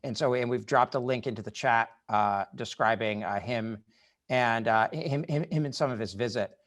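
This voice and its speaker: Brief: male moderator, mid-pitched, hesitant and filler-heavy delivery over a video call. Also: a bit bright. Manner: halting, many fillers. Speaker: event moderator.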